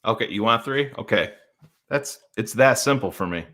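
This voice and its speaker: A man's voice: mid-range voice, animated, moderate pace, pushed and bright. A man co-hosting a casual sports talk stream, confident and blunt, with the odd curse. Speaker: co-host.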